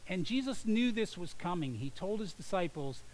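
A male pastor preaching a sermon, quoting scripture and dropping to hushed lows before rising to loud, pointed questions. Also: very animated, moderate pace, slight background noise, rough recording.

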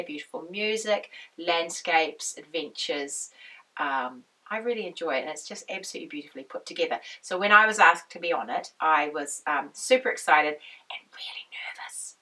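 Chatty, croaky New woman. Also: low voice, sharp tone, distant mic, poor audio. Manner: chatty, rambling, goes off on tangents. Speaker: knitting podcast host. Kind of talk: casual chat to camera.

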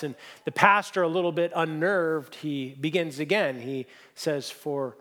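A man's voice: a little high, normal speed, vocal fry, few pauses, a bit bright. A man preaching a sermon as a pastor, telling stories in an earnest, conversational way.

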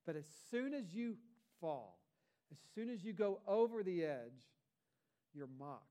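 A man's voice: sits high, sing-song, a little slow, warm tone. A man, a pastor, preaching a sermon in a conversational way, with rhetorical asides to the congregation.

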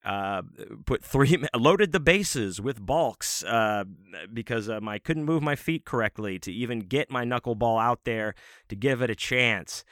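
Male host, casual profane storyteller, forceful tone, dry close sound. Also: mid-range voice, expressive, unhurried, no room sound. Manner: rambling, profane, self-mocking. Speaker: podcast host.

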